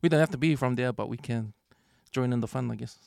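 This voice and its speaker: A man with a New Zealand accent hosting a casual podcast chat, relaxed, putting questions to the group. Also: mid-range voice, quick pace, gravelly, no room sound. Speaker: podcast host.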